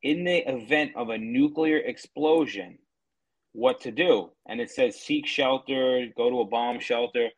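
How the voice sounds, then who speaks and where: A man co-hosting a podcast in a loose, profane chat, his pitch sitting right in the middle. He talks bluntly and mocks freely, cursing as he goes. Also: a little slow, husky. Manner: blunt, mocking, swears freely. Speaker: podcast co-host.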